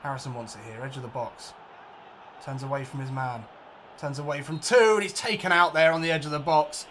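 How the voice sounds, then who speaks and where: A man commentating his own football video game match like a broadcaster, jokey and prone to excited outbursts and swearing. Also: mid-range voice, fairly quick, a little hiss or hum. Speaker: let's play gamer. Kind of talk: mock football commentary over gameplay.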